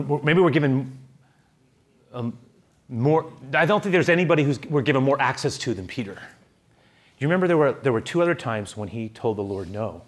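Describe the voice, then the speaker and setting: A man pastor delivering a sermon, telling a story with animated re-enactments. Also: mid-range voice. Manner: animated storytelling, acting out scenes.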